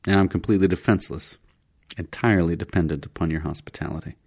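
Man doing a tense human agent, low gravelly voice, guarded, audiobook. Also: steady tone, quick pace, a little mellow. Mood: wary.

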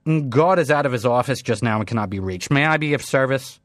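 A man's voice: medium pitch, expressive, fast, no room sound, studio quality, natural voice. A man voicing a breezy, prim heavenly receptionist. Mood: chirpy formal. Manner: prim, breezy, scripted politeness. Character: female receptionist, sweetly officious, polite.

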